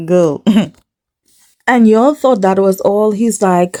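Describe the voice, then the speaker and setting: A woman hosting a reality TV recap in casual chat, sassy and animated, acting out the people she quotes and speaking straight to the viewer. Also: medium pitch, slow pace, pauses often.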